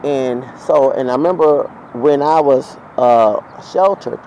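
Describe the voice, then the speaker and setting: A man's voice: medium pitch, a little slow, darkish tone, lo-fi sound. A man telling a heated, profane, rambling story as a vlogger, outdoors near traffic. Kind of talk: ranting storytime monologue.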